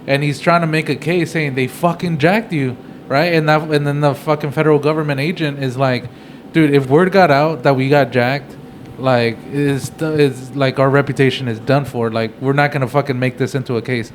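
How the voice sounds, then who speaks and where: A man's voice: medium pitch, steady tone, normal speed. Laid-back, swearing young man. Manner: laid-back, profane, chatty. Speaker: podcast co-host. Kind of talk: casual movie review chat. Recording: faint background noise.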